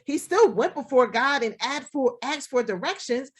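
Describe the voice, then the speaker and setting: Lively woman pastor preaching conversationally. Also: high-pitched, moderate pace, hardly any pauses, slightly rough. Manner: conversational preaching, keeps asking "right?"; acts out quoted voices. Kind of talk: sermon. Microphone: video call.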